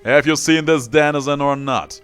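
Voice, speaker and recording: A man's voice: fairly high pitch, normal speed, clean tone, soft background music, pitched above the performer's own voice, natural voice. A man voicing a pushy city guard who barks orders, reading game dialogue aloud. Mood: impatient. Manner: loud, barking orders.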